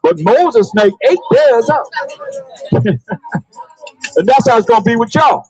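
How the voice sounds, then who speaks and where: A man preaching loudly outdoors on a city sidewalk, calling out verses for a reader to read. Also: extremely high pitch, expressive, a little slow, slightly rough, no echo, highs cut off, soft background music. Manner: loud, preachy, calls on a reader and repeats the verses. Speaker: street preacher. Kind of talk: open-air street preaching.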